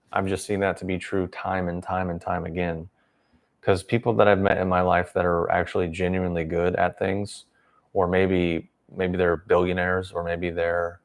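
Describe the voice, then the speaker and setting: A man's voice: sits low, gravelly. A man hosting a livestream, giving a rambling, sarcastic opinion monologue. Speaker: livestream host.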